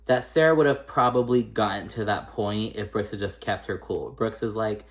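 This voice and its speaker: A man's voice: on the low side, moderate pace. A man hosting a casual reality TV recap, chatty and gossipy, swearing freely and acting out what others said. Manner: chatty, profane, gossipy, acts out quoted lines.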